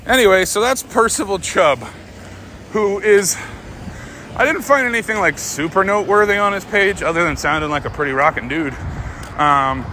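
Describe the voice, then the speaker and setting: A man with a notably high voice rambles through a casual podcast monologue, cracking jokes and poking fun at himself as he goes. He talks into a phone while walking outdoors. Faint street noise drifts in behind him. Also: lively intonation, normal speed, bright, forceful tone. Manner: rambling, joking, self-mocking asides. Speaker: podcast host. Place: outdoors on a walk.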